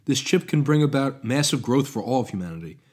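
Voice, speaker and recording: A man's voice: mid-range voice, fast, a little mellow, voice pushed up, natural voice. A man voicing a passionate, idealistic young male inventor in a story reading, speaking in an impassioned, pleading way.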